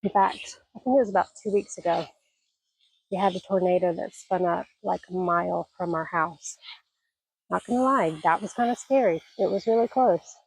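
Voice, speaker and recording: A woman's voice: mid-range voice, brisk, darkish tone, husky, no room sound. A retired woman in her sixties talks into her phone outdoors, chatty and folksy, wandering from one aside to the next. Her voice sounds a little scratchy from allergies, and the sound is dry and close with hardly any room in it. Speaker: vlogger. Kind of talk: casual vlog chat. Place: outdoors on a mountain homestead porch and garden. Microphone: phone camera.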